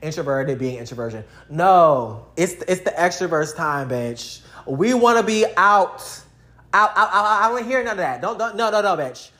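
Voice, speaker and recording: A woman's voice: on the low side, lively intonation, moderate pace, fairly bright tone. Blunt, profane woman ranting to camera. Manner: talks straight to viewers, addressing them. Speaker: vlogger. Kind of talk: casual rant to camera.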